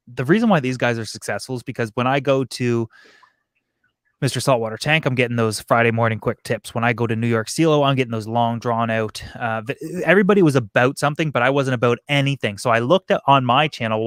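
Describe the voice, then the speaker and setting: On a casual live stream, a man with an aquarium YouTube channel rambles animatedly about his hobby, backtracking and restarting sentences often. He speaks fairly fast at a medium, ordinary middle-range pitch. There's no room echo; the sound is dry and close.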